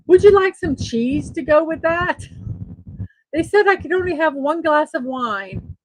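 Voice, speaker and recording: A woman's voice: high-pitched, lively intonation, very slow, long pauses, no room sound, rough recording. A middle-aged woman hosting a daily morning show, chatting casually and laughing at her own jokes. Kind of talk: casual solo show, reading memes aloud.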